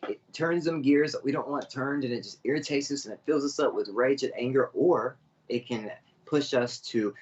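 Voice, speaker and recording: A man's voice: mid-range voice, normal speed, darkish tone, lo-fi sound. A man giving a live online psychic reading, earnest and chatty as he speaks straight to viewers. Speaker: psychic medium reader.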